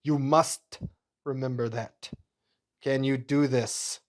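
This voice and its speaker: A man voicing a cold, menacing male wartime scientist villain, speaking slowly and deliberately with threats. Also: mid-range voice, fairly even intonation, natural voice.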